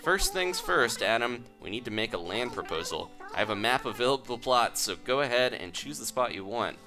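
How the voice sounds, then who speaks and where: A man's voice: medium pitch, animated, fairly quick, bright, forceful tone, faint music behind. A man voicing a cheerful, encouraging young female shop assistant in a game. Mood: instructing. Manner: upbeat, encouraging.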